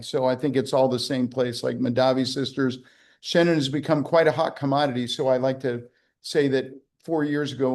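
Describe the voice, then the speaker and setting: The voice is a man's, mid-range with a darkish tone. He's a winery executive hosting a laid-back virtual wine tasting from the winery by video call, joking around and rambling with fillers and restarts.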